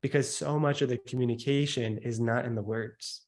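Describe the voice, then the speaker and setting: A man teaching a sales workshop, stressing points by slowing down and dropping his voice, and mimicking the noises listeners make. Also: medium pitch, steady tone, a little mellow. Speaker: sales coach.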